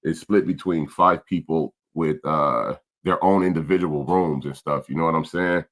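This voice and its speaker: A man's voice: rumbling low, normal speed, a bit bright. A middle-aged man, chatting casually and emotionally in a laid-back, slang-heavy way. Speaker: vlog host, father. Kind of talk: casual vlog chat.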